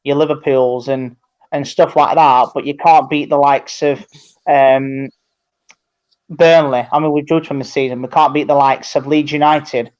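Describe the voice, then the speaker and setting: A man's voice: a little high, fairly even intonation, a little slow, a little mellow, dull audio. A man chatting casually on a football fan show, rambling and restarting his sentences. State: tired.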